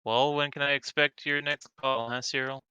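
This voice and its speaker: A man's voice: medium pitch, fairly even intonation, moderate pace, pushed and bright, clear, resonant tone, dry recording, poor audio. A man playing his character in a tabletop game, talking playfully and scheming in character. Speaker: player. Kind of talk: in-character tabletop role-play.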